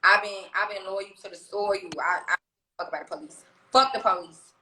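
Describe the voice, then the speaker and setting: A woman rapper chatting on a livestream, telling stories in a brash, profane, animated way. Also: medium pitch, fairly quick, echoey room, slight background noise, low-quality recording. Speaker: rapper on tour, guest on a livestream. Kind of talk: casual livestream chat. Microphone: phone.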